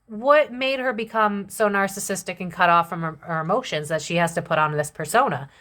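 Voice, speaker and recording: A woman's voice: mid-range voice, fairly quick, fairly bright tone. Young woman, tarot reader, chatty and blunt delivery, casual slang, mid-range voice. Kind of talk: casual tarot reading to camera.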